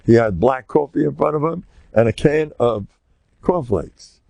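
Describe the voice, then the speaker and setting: Older American rabbi lecturing, gravelly, husky, dry close sound, lively animated storyteller. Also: male voice, mid-range voice, unhurried, dry recording. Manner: animated storyteller who acts out scenes. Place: lecture room with listeners.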